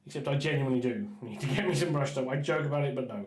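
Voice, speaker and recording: A man chatting casually while painting miniatures on a stream, rambling with stumbling restarts and often trailing off quietly. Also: mid-range voice, very fast, few pauses, reverberant. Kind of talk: casual painting livestream chat.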